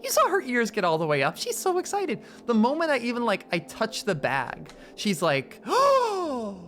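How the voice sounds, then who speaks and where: A woman chatting casually on a live stream, excitable and swearing freely, cooing at her dog between thank-yous. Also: medium pitch, moderate pace, a little hiss or hum.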